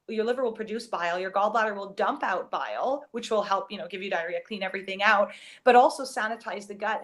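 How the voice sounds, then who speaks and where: A woman from Canada talks as a podcast guest, explaining health topics with easy enthusiasm. Her voice sits at an ordinary middle pitch. She speaks casually, in long flowing explanations.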